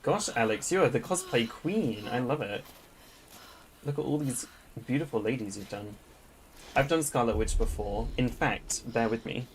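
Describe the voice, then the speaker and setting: A woman's voice: rumbling low, animated, normal speed, slight background noise, rough recording. A woman streaming a game, chatting with her viewers and giggling often between comments. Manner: chatty and giggly, with frequent laughs. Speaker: gaming streamer. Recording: game music loud in the background. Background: game soundtrack music.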